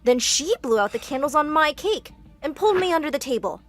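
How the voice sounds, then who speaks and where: High, lively woman narrating a story. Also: brisk, soft background music. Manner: expressive, storytelling. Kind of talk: scripted first-person story narration.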